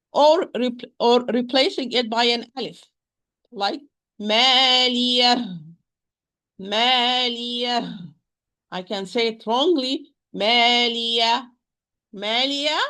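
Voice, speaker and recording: Bright-voiced woman teaching Quran recitation. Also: mid-range voice. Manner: slow, drawn-out demonstration of sounds. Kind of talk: spoken lesson with recited examples.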